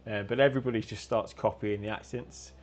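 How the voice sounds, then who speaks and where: A man guest in a casual chat on a video call, talking in a halting, self-deprecating way and restarting his sentences. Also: lowish voice, fairly even intonation. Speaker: guest, game designer and game master.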